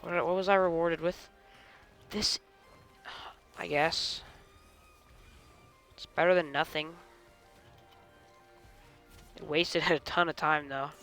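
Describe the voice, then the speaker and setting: A man giving live gameplay commentary, excitable and talking to himself and his enemies, with mock British slang now and then. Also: fairly high pitch, slow, gravelly, long pauses, clear, resonant tone, faint music behind. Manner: excitable, talks to himself and the enemies mid-fight. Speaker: gaming channel host.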